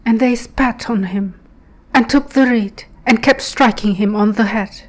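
Slow, hushed woman reading prayers. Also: fairly high pitch, low-quality recording. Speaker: prayer leader. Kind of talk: devotional scripture reading.

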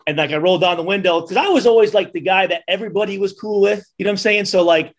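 A man in his forties, a former football player, guesting on a casual podcast and telling animated stories with plenty of "dude.". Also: high-pitched, racing. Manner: animated storyteller, calls listeners dude.

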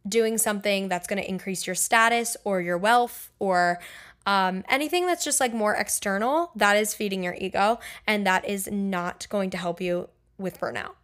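A woman's voice: medium pitch, normal speed, a bit bright. Young female podcast host, casual solo chat, loose and chatty delivery, mid-range voice. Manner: chatty, with fillers like "um" and "like".

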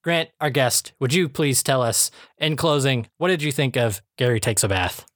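A man's voice: medium pitch, expressive, moderate pace, a bit bright, no echo. Chatty male podcast host, dry sound. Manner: chatty, laughs often, many fillers. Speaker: podcast host reviewing episodes. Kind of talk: casual chat.

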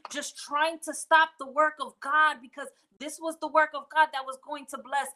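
A woman's voice: high voice, flat delivery, normal speed. Affirming woman co-host on a faith show. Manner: frequent affirmations and soft amens. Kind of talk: faith talk show chat.

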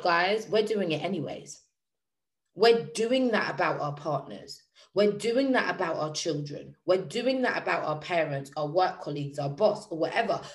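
A woman life coach giving a motivational talk to a live audience, animated and emphatic, with many rhetorical questions. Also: mid-range voice, roomy sound.

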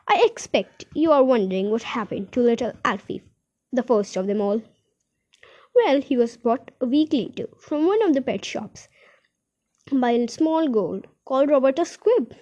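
A woman reading a children's story aloud in an expressive, animated way. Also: a little high. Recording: dull lo-fi recording.

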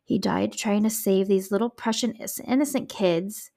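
A woman's voice: medium pitch, unhurried, creaky, dark tone. A woman hosting a true-crime podcast, telling a case in a chatty, emotional way with frank asides and the odd curse. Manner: chatty, emotional asides, swears when upset. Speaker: podcast host.

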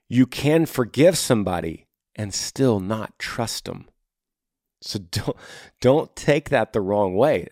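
A man's voice: mid-range voice, a little mellow, dry recording, studio quality. Earnest man giving advice on a podcast. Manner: earnest, repeats key phrases, acts out example lines. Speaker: podcast host answering listener questions.

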